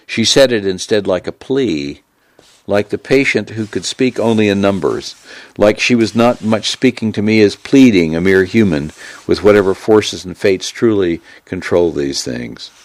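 Deep-voiced man narrating a memoir. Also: dry recording. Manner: measured, reflective, unhurried.

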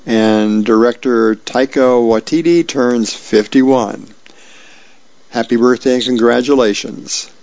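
A volunteer reader reading newspaper comics and birthdays aloud in a plain, friendly way with small slips. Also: male voice, mid-range voice, slow, darkish tone, no echo, muffled recording.

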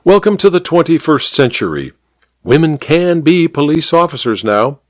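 A polite, assertive woman detective inspector with dry humor, in a radio mystery story, put on by a male narrator. Her lines sound crisp, close and dry. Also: a little high, big pitch swings, normal speed, no echo, pitched above the performer's own voice.

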